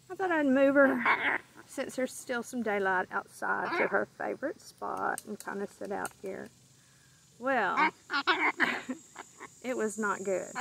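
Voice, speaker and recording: A middle-aged woman talks in an unhurried, rambling vlog, her voice set a little high with a gravelly fry. She chats outdoors, getting sidetracked as she goes, with faint insect noise around her. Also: fairly bright tone, rough recording. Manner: chatty, sidetracked, stops to coo at her pet bird. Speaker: pet owner vlogger.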